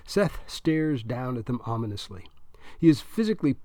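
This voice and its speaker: A man narrating a comic serialized story in a wry, deadpan way. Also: mid-range voice, moderate pace, no room sound.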